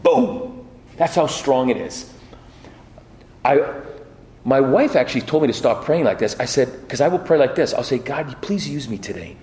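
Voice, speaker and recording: A middle-aged man preaching a sermon, telling stories with lively quoted voices and frequent restarts. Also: medium pitch, moderate pace, long pauses. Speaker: pastor. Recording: echoey hall.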